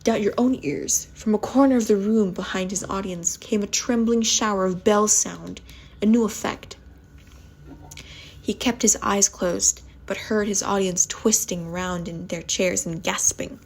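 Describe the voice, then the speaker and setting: Breathy woman reading a spooky story. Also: mid-range voice, steady tone, unhurried. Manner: soft reading that stumbles and restarts on words. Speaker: ASMR channel host reading aloud. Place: at home.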